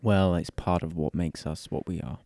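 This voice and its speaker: Mellow laid-back podcast host. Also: male voice, low-pitched, fairly even intonation, normal speed, gravelly, slight background noise. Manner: laid-back, wry, laughs often. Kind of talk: casual chat.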